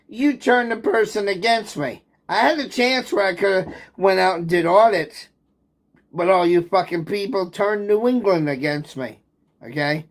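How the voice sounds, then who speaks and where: A high-pitched man rants angrily on a livestream, bitter and aggrieved, swearing heavily. He's agitated and at times close to tears.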